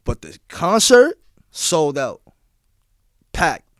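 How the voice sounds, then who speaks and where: A man's voice: a little high, wildly swooping pitch, drawn-out words, a bit bright, dry recording, clean studio sound. A young man, a DJ being interviewed on a podcast, telling stories in casual slang and often asking "you feel what I'm saying?". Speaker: guest DJ.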